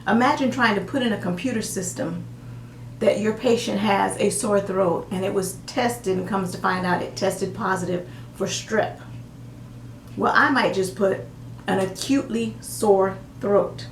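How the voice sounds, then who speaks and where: A woman's voice: medium pitch, measured pace, echoey room, slight background noise. A woman with a Southern US accent, teaching medical coding in a casual, folksy way with everyday examples. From American South.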